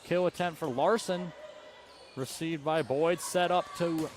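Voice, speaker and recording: A young man calls a high school volleyball match in a brisk play-by-play manner, catching and correcting his own slips. His voice sits a little high. A faint hum of gym noise runs underneath. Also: fairly even intonation. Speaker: play-by-play commentator. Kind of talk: high school sports commentary. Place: school gymnasium.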